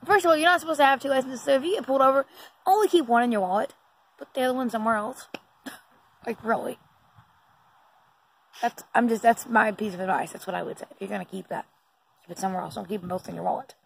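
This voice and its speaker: Chatty woman rambling into her phone at night, kinda high voice w lots of fry, giggles a lot. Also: fast talker, long pauses, rough recording. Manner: rambling, giggly, many fillers. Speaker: vlogger. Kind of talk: casual nighttime Q&A chat. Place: indoors at night.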